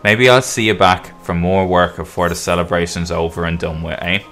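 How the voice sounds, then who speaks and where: Gruff soft-hearted brute, put on by a man reading game lines; loud, blunt, slangy, low voice, faint music behind. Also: fairly even intonation, normal speed. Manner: rough slangy working-class talk, loud and blunt. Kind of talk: reading quest dialogue aloud in character.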